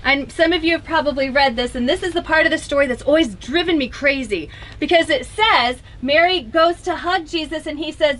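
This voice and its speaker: High-voiced woman giving a funeral sermon. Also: moderate pace, poor audio. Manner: expressive storytelling with wry humor, speaking to mourners directly. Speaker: officiant at a funeral.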